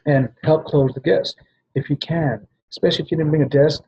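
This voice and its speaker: A man's voice: fairly high pitch, fairly even intonation, a little fast, vocal fry, warm tone, slightly rough, lo-fi sound. A man giving a rambling training talk to sales agents, often restarting and checking in with "right?". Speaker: business trainer at a travel party.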